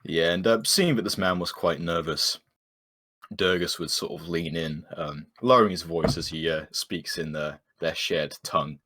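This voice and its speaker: A man with a very deep, husky voice describes what his character does at a tabletop game, relaxed and full of uhs. The sound is dry and close. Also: normal speed, dry recording. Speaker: player. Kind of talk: narrating his character's actions.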